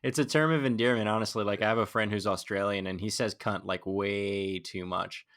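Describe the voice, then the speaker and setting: A young man co-hosting a podcast, chiming in with quick jokes in casual chat. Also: on the low side, fairly even intonation, a bit bright. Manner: quick joking interjections and frequent laughter. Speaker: podcast co-host.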